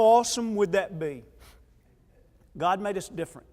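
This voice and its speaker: Male preacher, high voice, animated storyteller, echoey church hall. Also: normal speed, pauses often. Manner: animated storyteller, acts out quoted voices, drops quiet and earnest later. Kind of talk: sermon with personal stories. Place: church auditorium.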